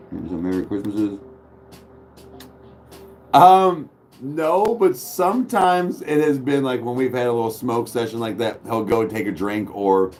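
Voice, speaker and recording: Low-voiced man chatting casually. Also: a little hiss or hum. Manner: coos softly at his dog. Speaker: streamer host. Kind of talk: casual chat with his dog and viewers.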